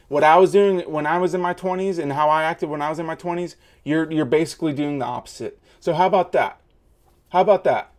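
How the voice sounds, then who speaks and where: A man's voice: on the high side, darkish tone. A man in his thirties hosting a reaction video, ranting in a heated, mocking way. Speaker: host. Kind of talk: reaction commentary.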